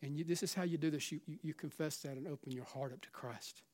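A middle-aged pastor with a South Carolina Southern accent preaches with fervor. His voice sits a touch higher than most men's, and he swings from loud, urging peaks down to hushed, almost whispered lines. He keeps pressing listeners with "listen.". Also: quick pace. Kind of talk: sermon.

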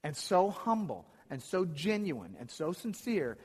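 Preacher, male, slightly high voice, tells scripture stories and voices the quotes; reverberant hall. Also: big pitch swings, a little slow, a little mellow, breathy edge. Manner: retells Bible stories, acting out the quotes. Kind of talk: sermon.

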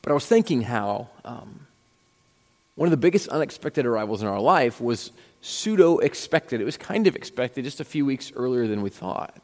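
A man's voice: medium pitch, a little mellow. A man preaching a sermon as a pastor, telling stories in a conversational way and acting out the dialogue. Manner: conversational storytelling with quoted dialogue. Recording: long hall reverb.

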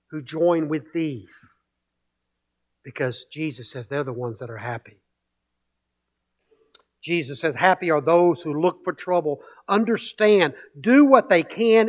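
A male pastor preaching a sermon, emphatic, repeating key phrases and building with rhetorical questions. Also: fairly high pitch.

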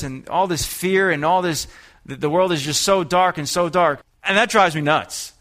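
A man preaching a sermon to a congregation, lively and conversational, asking rhetorical questions and acting out what people say. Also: on the high side, moderate pace. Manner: animated preaching, acts out quoted voices, rhetorical questions. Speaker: pastor.

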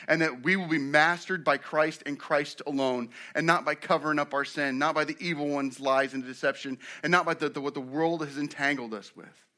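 A man preaching a sermon as pastor, animated, acting out quotes with sudden rises and drops in loudness. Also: a little high.

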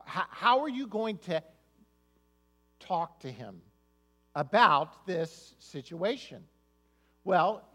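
A man preaches a sermon in a high voice. He speaks conversationally to the congregation and often doubles the first words of a sentence. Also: pushed and bright. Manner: conversational, repeats words when starting sentences. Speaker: pastor.

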